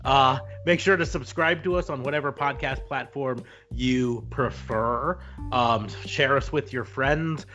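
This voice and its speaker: A man from Nebraska hosts a wrestling chat podcast in a mid-pitched, loose, joking voice. He laughs often and keeps things light, with a faint bed of music under him. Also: measured pace, hardly any pauses, bright, forceful tone. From Nebraska, United States. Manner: jokey, laughs often, slips into a mock Canadian bit. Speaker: podcast host.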